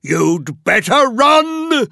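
A storyteller voicing a huge, menacing male giant in a slow, booming chant. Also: big pitch swings, gravelly, bright, forceful tone, no echo, clean studio sound, full character voice. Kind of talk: storybook reading.

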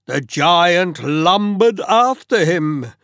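A storyteller reading a children's tale aloud, slow and expressive with dramatic pauses. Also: medium pitch, dry recording, clean studio sound.

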